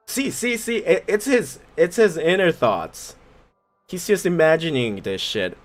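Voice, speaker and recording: A man's voice: on the high side, expressive, a little slow. Swearing, laughing man playing a game. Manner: swears, laughs, reacts loudly. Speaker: gaming video host. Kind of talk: casual let's play commentary.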